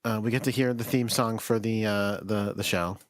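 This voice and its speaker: A podcast co-host with a lowish, fairly even male voice recaps an episode at a moderate pace in casual, rambling chat, correcting himself as he goes. The sound is dry and clean, studio quality.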